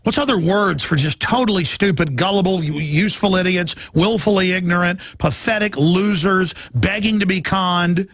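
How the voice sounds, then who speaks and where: A man's voice: high voice, normal speed, few pauses, a bit bright, dry recording. A middle-aged man from Texas hosting a talk radio show, ranting heatedly and mocking his opponents. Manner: heated, ranting, mocks opponents in put-on voices. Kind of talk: impassioned talk radio monologue.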